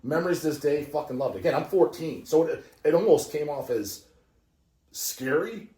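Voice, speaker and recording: Profane, excitable man in a roomy space. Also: a little high, normal speed. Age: around 40. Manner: profane, excitable ranting storyteller. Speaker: podcast host. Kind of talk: casual chat. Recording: roomy echo.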